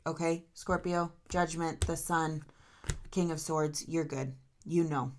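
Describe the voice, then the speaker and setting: A woman's voice: low voice, steady tone, takes it slowly, background noise. A woman doing a solo tarot reading, talking straight to her viewers in an emotional, encouraging way. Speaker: tarot reader.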